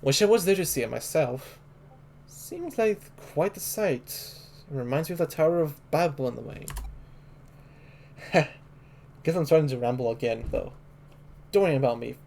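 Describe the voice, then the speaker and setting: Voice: mid-range voice, lively intonation, normal speed, vocal fry, pauses often, darkish tone, slight background noise. A gamer reading a chatty, rambling contact.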